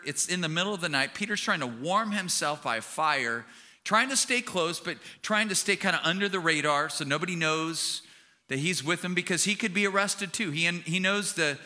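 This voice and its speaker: Pastor guy preaching casual-like, storytelling, bright punchy voice. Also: fairly high pitch. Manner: conversational preaching, storytelling with acted quotes. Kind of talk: sermon.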